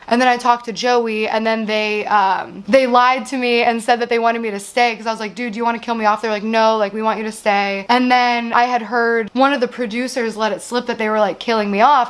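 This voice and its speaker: Exasperated woman venting, a touch high. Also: steady tone, moderate pace, few pauses. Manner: rambling, frequent "like" and profanity, exasperated venting. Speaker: show host. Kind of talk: candid storytelling monologue.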